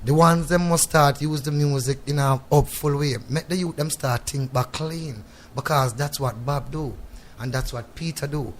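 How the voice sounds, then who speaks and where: A man's voice: a little high, steady tone, moderate pace, slight background noise. A man with a Jamaican accent, a reggae artist giving a radio studio interview. He speaks in patois, reflective and preachy, and often checks in with "you know what I mean".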